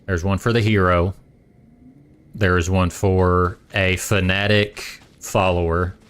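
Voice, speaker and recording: A man's voice: sits low, level tone, takes it slowly, fairly bright tone, clear, resonant tone. A man with a Boston accent chatting casually on a stream, rambling and correcting himself as he goes. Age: adult parent.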